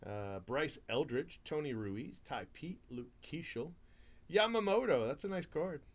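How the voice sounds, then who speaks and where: A man's voice: fairly high pitch, animated, a little slow. A man hosting a live card break stream, chatting casually, laughing often and rattling off player names.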